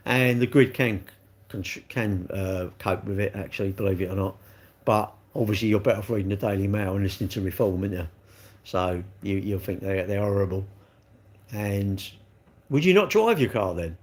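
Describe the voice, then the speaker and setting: Man, middle-aged, live-stream host, casual rant, rhetorical questions. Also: on the low side. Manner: chatty, ranting with rhetorical questions.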